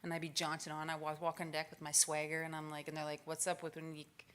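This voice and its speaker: A woman in her forties giving a motivational keynote speech, telling stories with lively acted-out quotes. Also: low voice, fast, clear, resonant tone. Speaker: keynote speaker. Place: conference stage.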